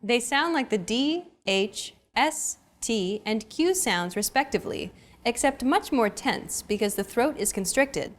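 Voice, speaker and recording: A young adult woman hosting a language lesson in an upbeat, clear teacherly delivery. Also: fairly high pitch, animated, a little slow. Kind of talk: scripted lesson narration.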